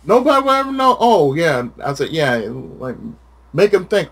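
A man's voice: on the high side, moderate pace. A man chatting casually with a friend, ranting with lots of swearing. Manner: profane, ranting, animated. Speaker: channel host.

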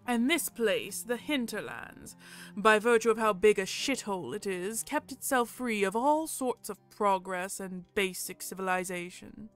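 A woman voicing a proud, scheming male peacock who tells a story in a haughty, slightly raised and louder voice. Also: mid-range voice, expressive, unhurried, soft background music, lightly acted. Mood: explaining.

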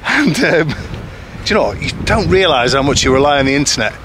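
A man's voice: a little high, big pitch swings, fast. A man chatting to camera in a casual, rambling, self-deprecating way, with lots of ums, as an expat vlogger. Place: outdoors in a village. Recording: outdoor noise with passing traffic.

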